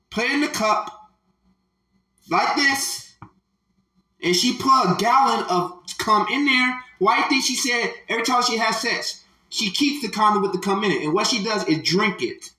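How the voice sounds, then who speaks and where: A man giving slow, emphatic, preachy commentary on a clip, repeating his phrases. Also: sits high, pushed and bright, roomy sound, poor audio.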